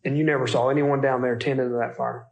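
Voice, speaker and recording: A man's voice: medium pitch, little pitch movement, fast talker, vocal fry, rough recording. A man questioning a suspect in a police interview, pressing with repeated, pointed questions. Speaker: police investigator.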